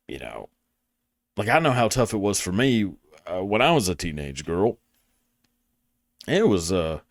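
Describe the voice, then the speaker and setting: A man's voice: deep voice, no echo, clean studio sound. A young man with a Southern US accent hosting a show, rambling casually, swearing a lot and making fun of himself. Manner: crude, rambling, self-deprecating, swears a lot. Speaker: podcast host. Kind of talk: casual monologue.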